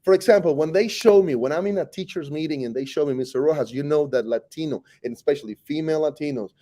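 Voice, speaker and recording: A man's voice: fairly high pitch, quick pace. A man in his forties from Costa Rica with a Costa Rican Spanish accent, a native Spanish speaker and teacher, talking in a casual interview, joking and often restarting his sentences. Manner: animated, joking, frequent restarts.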